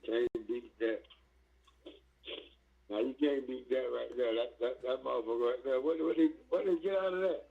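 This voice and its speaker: A man's voice: mid-range voice, normal speed, creaky, phone-quality sound. A man speaking bluntly as a guest on a talk show, swearing freely over a remote call. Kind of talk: casual interview talk.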